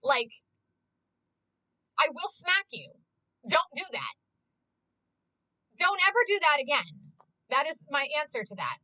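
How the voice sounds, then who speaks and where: Speaking slowly with frequent pauses, a woman streamer with a high voice rants passionately in casual live-stream chat. She's excitable, curses heavily, and leans on "like," with poor audio and no room sound.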